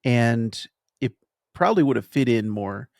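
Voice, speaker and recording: A man hosting a podcast, chatting casually through a film review and pausing thoughtfully to find his words. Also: mid-range voice, lively intonation, gravelly, a little mellow, no room sound, clean studio sound. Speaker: podcast host.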